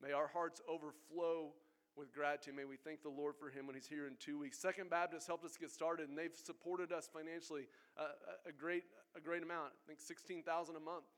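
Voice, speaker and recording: A man's voice: on the high side, flat delivery, fairly quick. A man preaching a sermon as pastor, earnest and exhorting his congregation. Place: church sanctuary.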